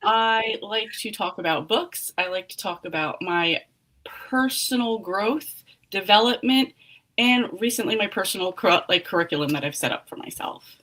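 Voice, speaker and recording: Relaxed woman chatting on a livestream. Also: mid-range voice, moderate pace, poor audio. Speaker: livestream co-host. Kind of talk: casual livestream chat.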